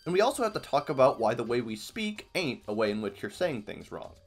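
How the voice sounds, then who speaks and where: Faint music plays behind this Iowa-born video essay host, who narrates an educational video with casual jokes. He speaks a little fast in a mid-range, very animated voice, a Midwesterner through and through.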